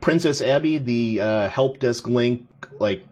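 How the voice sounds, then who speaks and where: A man co-hosting a casual chat, explaining technical matters in a measured way with many hesitations. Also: mid-range voice, darkish tone, a little hiss or hum. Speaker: co-host.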